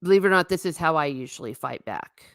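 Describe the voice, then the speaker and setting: A woman with a low-pitched voice chats her way through a TV review on a live stream, slipping into the characters' lines as she retells scenes. The sound is dry and close, with no room echo. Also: fast talker. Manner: animated, acts out quotes from scenes. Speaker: TV show reviewer.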